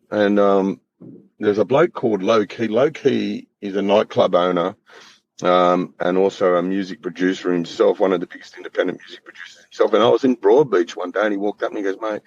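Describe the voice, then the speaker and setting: A man's voice: lowish voice, no room sound. A middle-aged Australian man talking as a podcast guest in casual chat, rambling, swearing freely and restarting his sentences. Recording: slightly dull lo-fi audio with faint noise.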